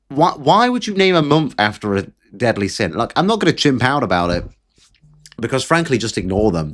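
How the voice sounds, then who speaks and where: A man giving a casual, ranting commentary, sarcastic and mocking, repeating phrases for effect. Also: mid-range voice. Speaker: political commentator.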